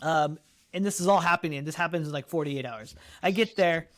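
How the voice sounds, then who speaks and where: Animated high-voiced man telling a story. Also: brisk. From Colorado, United States. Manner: animated, acts out quotes with big pitch jumps. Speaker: podcast guest. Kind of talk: casual storytelling interview.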